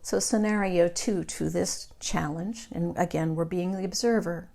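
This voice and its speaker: Middle-aged woman, lowish voice, calm and frank, guiding a meditation class. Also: unhurried, creaky. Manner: calm, reflective, candid with casual swearing. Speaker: meditation group leader.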